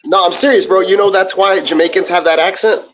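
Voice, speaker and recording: A man co-hosting a sports podcast, telling stories in relaxed casual chat. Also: high-pitched, brisk. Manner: relaxed storytelling, says "bro". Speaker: podcast co-host.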